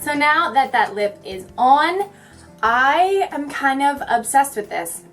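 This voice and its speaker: A young woman chatting her way through a makeup tutorial, talking fast in a bubbly, goofy way. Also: sits high, lively intonation, a bit bright, faint music behind. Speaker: beauty vlogger.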